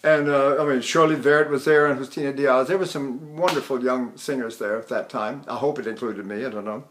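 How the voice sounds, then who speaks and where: A man's voice: mid-range voice, fairly even intonation, a little fast, fairly bright tone, slight background noise. An older man teaching vocal technique in a chatty, anecdotal lecture, turning to his students with asides and breaking off to sing bits of opera. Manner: addresses students directly with frequent "see?".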